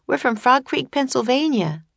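A woman's voice: high-pitched, moderate pace, gravelly, dry recording, voice pushed up, exaggerated voice. A woman doing an eager, chatty little girl. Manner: bright, excitable, bold.

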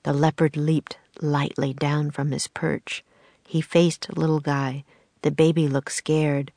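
Woman reading a kids book out loud, lowish voice, steady and expressive, dry sound. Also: slow pace, no echo. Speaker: narrator. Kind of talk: children's storybook read-aloud.

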